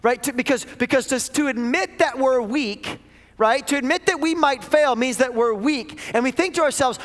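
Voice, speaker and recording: A man with a very high voice preaches a sermon in a church, his words ringing with a long reverb around the sanctuary. He is emphatic, stacks up questions and drives his points home again and again. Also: expressive, normal speed, a bit bright. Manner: emphatic, repeats questions, acts out voices he quotes. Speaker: lead pastor.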